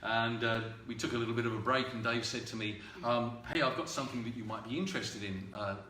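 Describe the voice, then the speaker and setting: A man, a singer-songwriter, telling a halting, unhurried story full of ums and uhs before a song at a livestreamed home concert. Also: mid-range voice, steady tone, bright, forceful tone, echoey room, far from the mic, a little hiss or hum.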